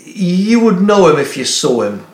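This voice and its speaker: A man's voice: high-pitched, big pitch swings, measured pace, roomy sound. A middle-aged man telling a casual anecdote, laughing often and restarting sentences as a podcast guest. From Newcastle, England. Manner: storytelling with frequent laughs and restarts.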